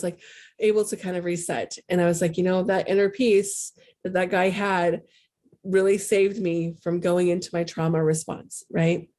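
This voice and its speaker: A woman's voice: on the low side, mellow. A middle-aged woman talking candidly in a casual, rambling way as a spiritual coach hosting a show. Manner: candid, rambling, self-deprecating. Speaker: spiritual coach and podcast host. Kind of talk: casual heartfelt talk.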